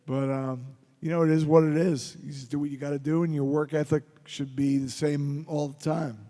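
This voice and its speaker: A man's voice: on the high side, flat delivery, moderate pace, warm tone. A man from Philadelphia telling rambling, joking anecdotes as a guest at a convention panel Q&A. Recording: reverberant convention hall.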